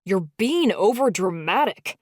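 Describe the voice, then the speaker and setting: A woman doing a hot-tempered young man, loud and growling. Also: medium pitch, lively intonation, a little slow, no echo, studio quality. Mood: angry. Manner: loud, raging rants.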